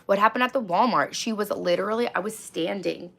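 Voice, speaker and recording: A woman in her thirties, hoarse from screaming, chatting casually on a phone live-stream and ranting bluntly with plenty of swearing. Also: mid-range voice, fairly quick. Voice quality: gravelly. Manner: blunt, profane, ranting storyteller.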